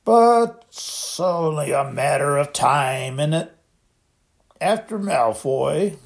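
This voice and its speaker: A man's voice: a little high, animated, takes it slowly, gravelly, voice pushed up, full character voice. A man voicing a big, drunk male half-giant gamekeeper who talks thickly and roars when angry. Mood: miserable drunk. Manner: slurred, thick, then roaring angrily.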